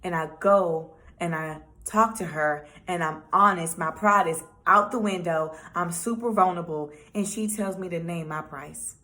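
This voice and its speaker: A young woman vlogger telling a personal testimony in a chatty, animated way, with lots of fillers. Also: lowish voice, moderate pace, hardly any pauses.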